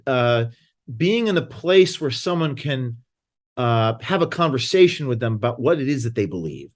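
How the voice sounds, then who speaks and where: A man in a relaxed conversation, speaking emphatically about his own experiences in a middle-pitched voice. He often stumbles and restarts mid-sentence as his thoughts run ahead. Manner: emphatic, anecdotal, frequent restarts. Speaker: guest. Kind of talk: casual conversation.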